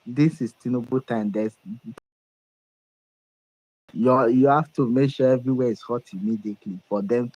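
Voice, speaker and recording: A man's voice: medium pitch, normal speed, pauses often, darkish tone, no room sound, lo-fi sound. Nigerian man, political talk, dry close sound, emphatic predictions. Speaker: political commentator. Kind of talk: animated political commentary.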